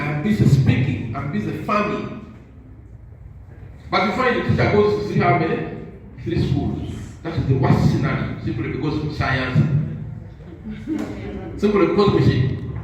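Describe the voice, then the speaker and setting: An older man giving a motivational talk to teachers, preachy and insistent, leaving sentences open for the audience to finish. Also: high voice. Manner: call-and-response, leaves sentences open for the audience to finish with "what?". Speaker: motivational speaker. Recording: echoey hall from far off with faint noise.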